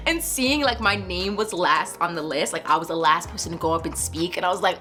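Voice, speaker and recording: A young woman vlogger telling a personal story in a casual, animated way, filling her talk with "like" and "you know" and acting out what others said in a higher voice. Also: moderate pace, faint music behind. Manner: animated, acts out quotes in a higher voice; casual, many likes and you knows. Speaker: YouTube creator.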